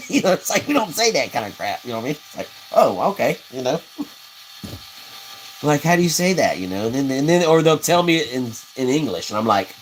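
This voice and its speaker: Guy rambling on his fishing rod stream, mid pitch voice, little shop noise in the back. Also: big pitch swings, normal speed, low-quality recording. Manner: rambling, folksy, laughs at his own stories. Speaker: livestream host building custom fishing rods. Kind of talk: casual livestream chat, reading comments.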